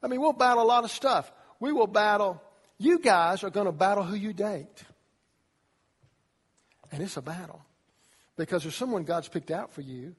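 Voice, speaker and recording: Guy with a high husky voice giving an animated youth sermon, lots of echo like a big church hall. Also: moderate pace, long pauses. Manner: animated preaching, acting out quotes in changing voices. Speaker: youth pastor. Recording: long reverb of a large hall.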